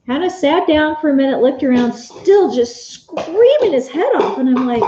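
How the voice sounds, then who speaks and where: Woman, casual live-stream chat, warm relaxed tone, dull lo-fi sound, talking to viewers while sewing. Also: sits high, moderate pace, few pauses. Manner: chatty, answers viewer comments by name.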